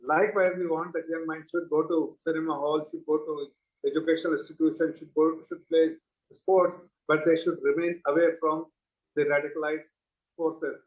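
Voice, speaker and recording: A man's voice: a little high, flat delivery. Earnest man on an echoey link. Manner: measured, earnest, halting with fillers. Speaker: political spokesman. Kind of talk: TV panel debate. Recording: echoey dull remote audio link.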